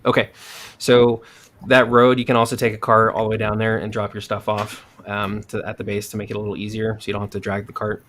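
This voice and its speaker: A man's voice: fairly low pitch, fast. Casual male podcast host. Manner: relaxed, frequent fillers. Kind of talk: casual chat.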